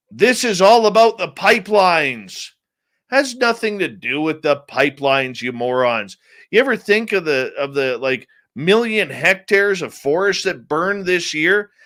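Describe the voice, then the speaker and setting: A man's voice: medium pitch, pushed and bright. A middle-aged man hosting a radio show, chatting casually, greeting viewers by name and ranting bluntly. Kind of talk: casual live-stream chat.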